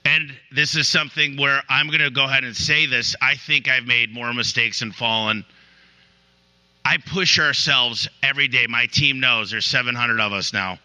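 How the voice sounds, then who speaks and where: Addressing an audience in a room, a business owner tells stories in a motivational talk, repeatedly starting his sentences over. He speaks in a medium pitch with fairly even intonation and a moderate pace, his tone sharp, clear and resonant despite poor audio.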